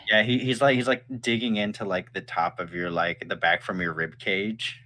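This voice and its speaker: A man running a tabletop role-playing game, describing scenes for his players. He talks in loose, hesitant runs full of fillers. His voice is a little low but bright and forward. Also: fairly even intonation, moderate pace. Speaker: game master.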